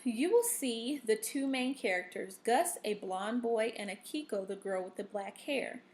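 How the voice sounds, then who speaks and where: A woman teaches a recorded reading lesson in an unhurried, patient way. Her voice sits a little high for a woman. She walks students through the steps, checks in often with "okay?" and fills pauses with "um.". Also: animated, darkish tone. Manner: patient, instructive, with frequent fillers and "okay?" checks.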